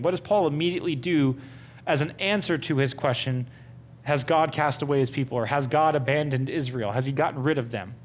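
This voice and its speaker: Man teaching Bible study, higher-pitched voice. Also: a little hiss or hum. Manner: asks the group many questions, conversational with fillers. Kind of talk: interactive Bible study lesson.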